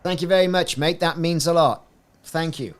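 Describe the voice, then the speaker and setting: A gaming streamer with a voice on the high side talks at normal speed while playing a game live. His commentary is chatty and rambling, and he keeps interrupting himself.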